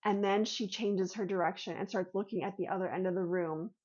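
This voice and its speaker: A woman's voice: mid-range voice, steady tone, brisk, darkish tone, dull audio. A woman vlogger telling a personal story and explaining an idea in an earnest way, acting out her own inner thoughts as she goes.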